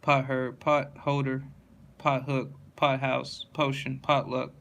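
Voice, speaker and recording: A man reading dictionary entries aloud one after another in a flat, steady monotone, now and then stumbling and correcting himself. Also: medium pitch, takes it slowly, vocal fry.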